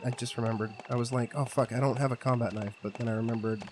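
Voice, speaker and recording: A man's voice: mid-range voice, steady tone, fast talker, few pauses, a little mellow. A male streamer gives loose running commentary over a horror game. He rambles, curses freely and jokes with his chat in an ordinary mid-range voice. A faint hiss of noise sits under the recording. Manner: rambling, profane, jokey, talks to chat. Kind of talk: casual gameplay commentary.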